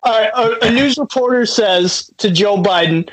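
Husky man cracking up on a podcast. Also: sits high, moderate pace, hardly any pauses, fairly bright tone, rough recording. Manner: laughs through his reading, keeps breaking up. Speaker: podcast co-host. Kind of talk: casual podcast chat.

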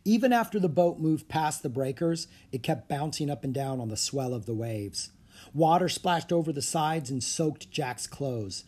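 Husky storybook narrator. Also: mid-range voice, moderate pace. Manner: steady, clear storytelling with small shifts into each character. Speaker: audiobook narrator. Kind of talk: storybook read-aloud.

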